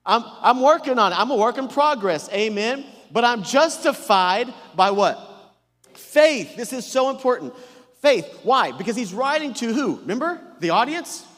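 A senior pastor with a very high, sing-song voice preaches a sermon at normal speed on a church auditorium stage, his fairly bright tone carrying big-room sound. He fires off emphatic call-and-response questions and joking asides, though he sounds a little sick and his voice is strained.

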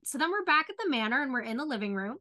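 A woman co-host with a bright, somewhat high voice chats about a show with lively opinions. She fills her talk with "like" and sounds eager and animated. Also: very fast. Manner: animated, opinionated, says "like" often. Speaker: podcast co-host. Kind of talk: casual chat about a TV show.

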